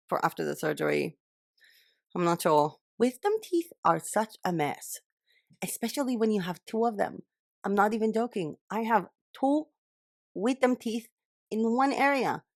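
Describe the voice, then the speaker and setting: A woman's voice: medium pitch, no echo, clean studio sound. A young woman hosting a casual vlog, talking with a slight lisp from painful wisdom teeth, chatty and self-mocking. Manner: chatty, self-deprecating, laughing through pain. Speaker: channel host. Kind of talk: casual vlog chat and bloopers.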